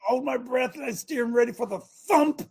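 A middle-aged man delivers a conversational sermon, moving between stories and direct questions to his listeners. His voice sits high and has a husky edge. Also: brisk. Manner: animated, storytelling, asks listeners questions. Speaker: show host preaching. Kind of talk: conversational preaching.

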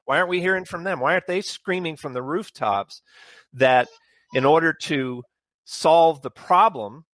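A man's voice: fairly high pitch, lively intonation, moderate pace, a bit bright, no echo. Guy guest, worked up, swoopy voice, keeps asking why why why, dry sound. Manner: impassioned, builds on repeated questions. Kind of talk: opinionated talk.

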